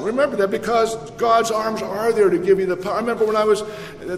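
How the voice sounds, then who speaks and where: A man with a high-pitched voice delivers a sermon to his congregation, speaking in a conversational way and telling stories with animation. His voice carries a long, echoey reverb from a large church hall. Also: slight background noise. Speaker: pastor.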